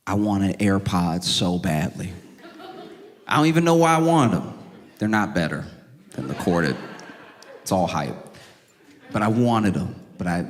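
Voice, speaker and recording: A male stand-up comedian telling calm, wry stories that climb into exasperation. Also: low-pitched. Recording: reverberant performance hall.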